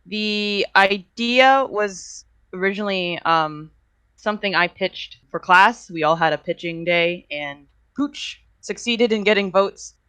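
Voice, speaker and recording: A woman's voice: medium pitch, a little slow, a bit bright, smooth, no echo. A young woman, a student director, talking casually in an interview, giggling and rambling a little as she goes. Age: young adult. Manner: giggly, rambling, self-deprecating. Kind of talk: casual video-call interview.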